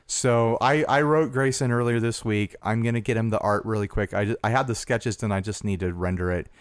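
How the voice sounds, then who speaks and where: A man co-hosting a podcast in casual chat, relaxed and rambling, laughing easily. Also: on the low side, fairly quick, smooth, no echo, clean studio sound. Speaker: podcast co-host.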